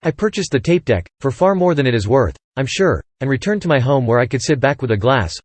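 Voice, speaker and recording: A man's voice: mid-range voice, a little fast, few pauses, no room sound. Male horror story narrator, dry sound. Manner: steady, first-person storytelling.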